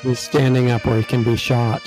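A man's voice: medium pitch, normal speed, music in the background, rough recording. A man hosting an online talk show, casually retelling a film scene and acting out what the characters think. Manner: animated, acts out characters' thoughts.

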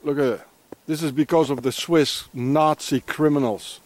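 A man's voice: fairly high pitch, fairly even intonation, normal speed, darkish tone. A man with a South African accent filming himself outdoors in the snow, ranting bitterly and accusingly at those he blames, repeating his insults. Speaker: father filming a vlog. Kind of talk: angry ranting vlog to camera.

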